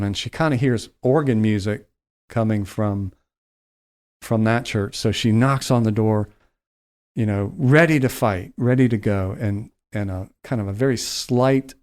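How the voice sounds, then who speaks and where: A man telling a heartfelt story on a podcast, slowing and softening his voice at its emotional points. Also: on the low side, smooth. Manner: slows down and softens for emotional moments.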